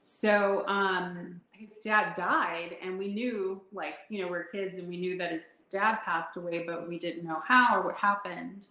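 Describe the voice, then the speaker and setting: A woman guest telling personal stories in a conversation, animated and laughing often as she acts out what people said. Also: on the low side, measured pace, hardly any pauses, reverberant, poor audio. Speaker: intuitive guest. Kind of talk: storytelling in a conversation.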